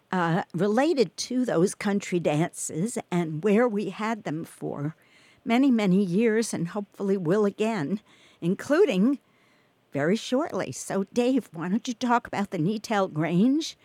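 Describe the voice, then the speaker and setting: A woman's voice: medium pitch, lively intonation, slow pace, darkish tone, no echo. A woman hosting a community radio show, chatting casually with a guest, laughing often and using many fillers. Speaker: radio host.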